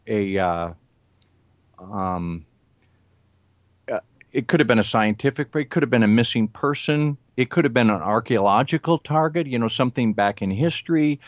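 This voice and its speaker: A man's voice: medium pitch, normal speed, dry recording. Older man, former news reporter, earnest conversational storyteller; dry, muffled recording. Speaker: television news reporter and remote viewer. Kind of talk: conversational interview talk. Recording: dull lo-fi audio, dry.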